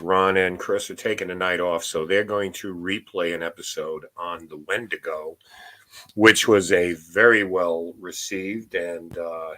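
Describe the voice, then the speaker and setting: A man with a very low voice and a bright, forceful edge rolls through a show lineup in easy, relaxed chat. He is the co-host, plugging upcoming episodes with loose, unhurried patter. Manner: relaxed, plugs upcoming shows.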